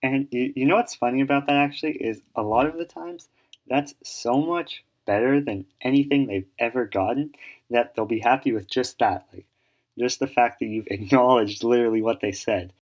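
A man's voice: medium pitch, normal speed. A man explaining an idea in casual, rambling talk, full of fillers and restarts as he thinks aloud. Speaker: solo speaker giving advice.

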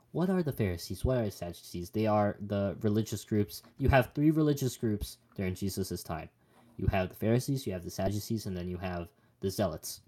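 A man's voice: mid-range voice, a little mellow. A young man co-hosting a podcast, chatting casually about Bible passages in a rambling, joking way with many restarts. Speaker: podcast co-host.

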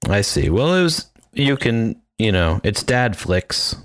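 Low-pitched male co-host; profane, joking, conversational. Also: big pitch swings, slow, fairly bright tone. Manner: profane, jokey banter. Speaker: podcast co-host. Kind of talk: casual chat.

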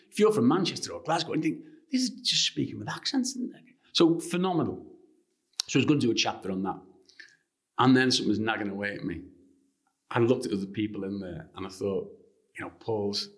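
A man from Liverpool with a Liverpool accent, a guest author telling anecdotes in an interview in an animated way. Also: on the low side. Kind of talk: interview storytelling.

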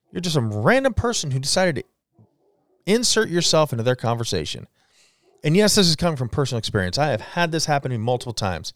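Blunt, profane man ranting lively. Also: high voice, no echo, clean studio sound. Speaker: podcast host. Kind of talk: casual solo podcast rant.

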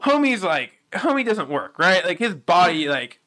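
A woman's voice: fairly low pitch, very animated, normal speed, fairly bright tone. A woman co-hosting a podcast in casual chat, joking and laughing often. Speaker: podcast co-host.

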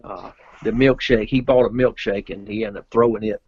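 A man's voice: lowish voice, steady tone, moderate pace, slightly rough, no echo, narrow, tinny audio. A man, a guest telling a rambling, folksy story with loose grammar in casual chat. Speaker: interview guest, pool player.

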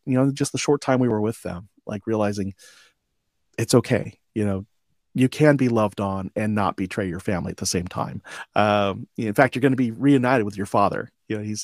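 A man's voice: on the low side, dry recording, studio quality. A man in his forties, a podcast guest telling his life story in a reflective, loose way full of "um" and "you know". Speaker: podcast guest, combat veteran.

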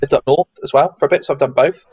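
A man's voice: fairly high pitch, quick pace, a little mellow, breathy edge, dull audio. A man from the south of England with a neutral English accent, chatting as an interview guest and rambling with many restarts. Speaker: guest, security consultant. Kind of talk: casual interview chat.

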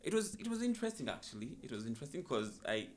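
A man's voice: medium pitch, big pitch swings, quick pace, a little hiss or hum. A young man, a musician, telling his story in a casual podcast interview in a laid-back, reflective way. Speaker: musician guest.

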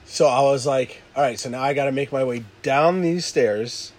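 A man casually telling a rowdy story with lots of swearing, shouting out the lines he quotes. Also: mid-range voice, normal speed. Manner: animated, swearing, loud acted-out quotes. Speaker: podcast co-host telling a story.

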